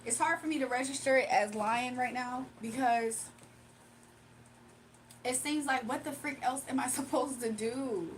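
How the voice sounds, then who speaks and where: Animated high-voiced woman chatting on stream. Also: measured pace. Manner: animated, laughs often, talks to chat. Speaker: livestream host. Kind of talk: casual livestream chat. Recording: distant mic with faint background noise.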